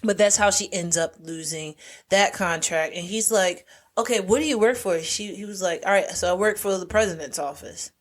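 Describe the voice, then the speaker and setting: A woman's voice: mid-range voice, normal speed. A woman co-hosting a podcast, chatting casually as she retells a movie's plot and acts out the characters' lines. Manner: animated storyteller, acts out quoted lines. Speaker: podcast co-host. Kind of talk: casual chat recapping a movie.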